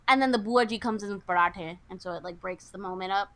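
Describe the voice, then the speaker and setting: A young woman co-hosting a podcast casually recaps a film's plot in a chat, acting out the characters' lines. She has a mid-range voice, a bit bright, and talks fast with few pauses.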